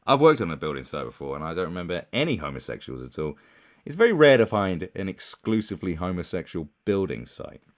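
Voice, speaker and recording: A man giving casual commentary, rambling and scornful, with many fillers and restarts. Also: low voice. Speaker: commentary YouTuber.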